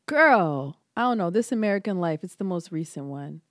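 A woman's voice: on the low side, moderate pace, dry recording, clean studio sound. A young adult woman co-hosting a podcast, telling stories in casual chat and acting out the quoted lines. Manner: animated storyteller, acts out quotes. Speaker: podcast co-host.

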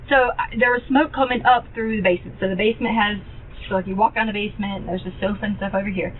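A woman talking in a recorded police interview, rambling and halting with many fillers and restarts. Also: medium pitch, fairly even intonation. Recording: tinny phone-like archive audio with faint hiss.

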